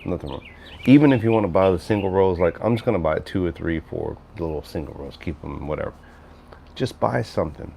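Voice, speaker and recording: Deep-voiced man chatting on a livestream. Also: animated, brisk, creaky, dark tone, slight background noise. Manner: rambling, conversational, reads chat aloud. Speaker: livestream host. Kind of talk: casual livestream chat.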